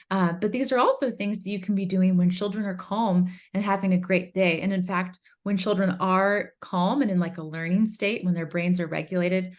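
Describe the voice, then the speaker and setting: A woman in her thirties explains a parenting method as an interview guest, earnest and steady. Now and then she slips into soft, gentle phrases a parent might say to a child. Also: fairly low pitch. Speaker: guest, author and curriculum instructor.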